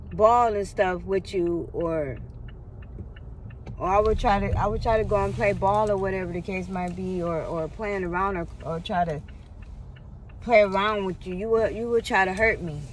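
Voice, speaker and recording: Addressing viewers as "y'all," a vlogger gives an emotional, earnest testimony to camera, repeating and restarting phrases as they stumble along. Their mid-range voice is unhurried, with frequent pauses and a little hiss or hum.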